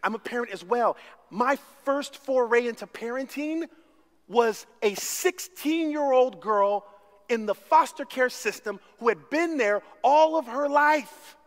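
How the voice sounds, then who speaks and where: A man preaching a sermon as pastor, telling stories with big swings from hushed to shouting. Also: extremely high pitch, measured pace. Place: church sanctuary. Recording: long reverb of a church hall.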